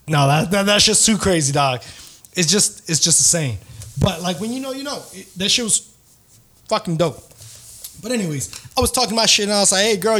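A man's voice: sits high, a bit bright. A man in his thirties, hosting a podcast, telling a rambling dating story with lots of swearing, slang and some Spanish. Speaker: podcast host. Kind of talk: casual storytelling.

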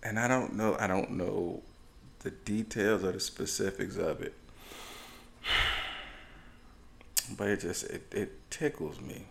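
A man's voice: on the low side, steady tone, slow pace, creaky, long pauses, slight background noise. A man co-hosting a podcast, telling stories in a casual chat, laughing often and mimicking the voices of people he talks about. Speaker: podcast co-host.

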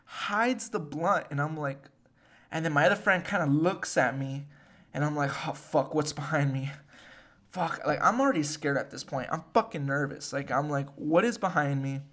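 A young man telling a story in casual chat, animated and swearing, with many fillers. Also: on the high side, moderate pace. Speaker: podcast host.

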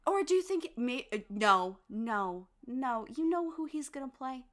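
A woman's voice: high-pitched, sing-song, moderate pace. A woman co-hosting a casual podcast recap, emphatic and repeating lines for comic effect. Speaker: podcast co-host.

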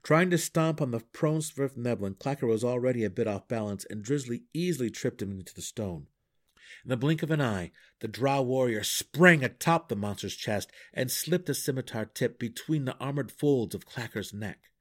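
A man reading a fantasy novel aloud for a podcast with dramatic, animated storytelling. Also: medium pitch, moderate pace. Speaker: audiobook podcast reader.

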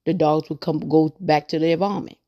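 Her voice is low-pitched and steady, moving at normal speed through lo-fi sound. As a podcast host she gives a casual faith monologue, earnest and rambling, repeating herself for emphasis.

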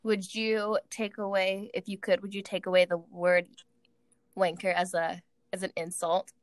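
Woman, mid pitch, rambling casual co-host, dry close sound. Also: level tone, moderate pace, no room sound. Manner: rambling, hesitant, many fillers. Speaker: podcast co-host. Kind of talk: casual chat.

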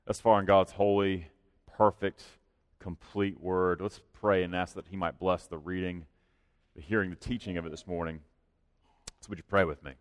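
Low-voiced man preaching in a reverberant hall. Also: fairly even intonation, normal speed. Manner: earnest, conversational preaching with emphatic rises. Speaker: pastor. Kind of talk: sermon. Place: church sanctuary. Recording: long reverb of a large hall.

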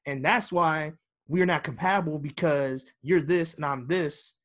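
A man's voice: a little high, a little slow, a bit bright. A young man hosting a casual podcast, talking in a rambling way with many fillers and restarts. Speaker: podcast host.

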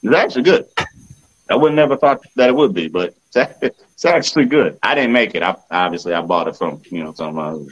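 A man's voice: fairly low pitch, lively intonation, a little fast. Laid-back male podcast co-host, lo-fi. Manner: laid-back, keeps asking "you know what I'm saying". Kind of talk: casual chat.

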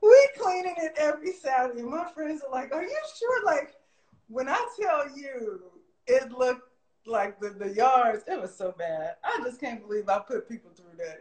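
A middle-aged woman telling a long personal story in casual chat, animated and full of "like" fillers, jumping high in pitch when she quotes people. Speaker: guest telling her story. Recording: roomy echo.

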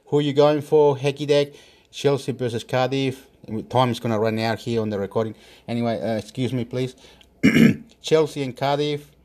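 A man's voice: medium pitch, darkish tone. A man giving football predictions in a rambling casual monologue, talking to himself, muttering and sometimes swearing.

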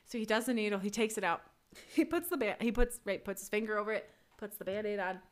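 A woman's voice: medium pitch, fast. A woman in casual conversation, telling a personal story with lots of energy. She swings her voice up and down to act out what each person said, and she laughs often as she goes. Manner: animated, acts out quotes, laughs often.

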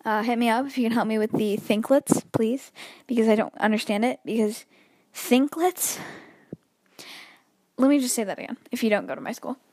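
A teen girl hosts her podcast in a casual solo chat, rambling nervously, mocking herself, and breathing heavily as she goes. Her voice is on the high side, fast, steady, and a little mellow, with clean studio quality and no room sound.

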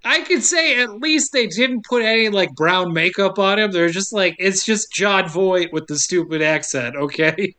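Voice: mid-range voice, normal speed, few pauses, sharp tone. A podcast co-host recapping a movie in casual chat, wry and sarcastic, laughing often.

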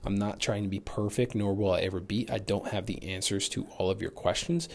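A man's voice: on the low side, steady tone, fairly quick, creaky. A man hosting a solo fitness podcast, talking candidly and motivationally in a loose, casual way with the odd swear word, while he recovers from being sick. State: recovering from illness. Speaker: fitness coach and podcast host.

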